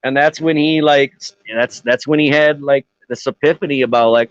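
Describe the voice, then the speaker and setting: Male podcast co-host, mid-pitched, loose and profane, muffled dry lo-fi sound. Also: fairly even intonation, fairly quick, clear, resonant tone, dry recording. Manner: profane, rambling, laughs at own jokes. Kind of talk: casual podcast chat.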